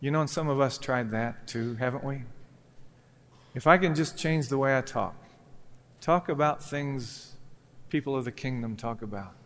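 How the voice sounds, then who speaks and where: A man's voice: medium pitch, moderate pace, fairly bright tone. A male pastor preaching a sermon, telling a parable and voicing its characters as he goes. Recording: long reverb of a church hall.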